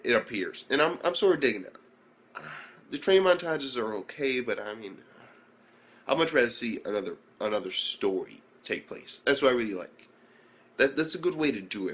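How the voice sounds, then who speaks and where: A man's voice: medium pitch, a bit bright. A man giving a casual, rambling video review of an anime, swearing constantly and acting out the scenes as he goes. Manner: profane, rambling, acts out scenes.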